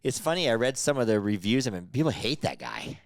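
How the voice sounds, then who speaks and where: A middle-aged man co-hosting a podcast, telling rambling, animated stories in casual chat with some cursing. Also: mid-range voice, a little fast, no room sound, studio quality. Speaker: podcast co-host.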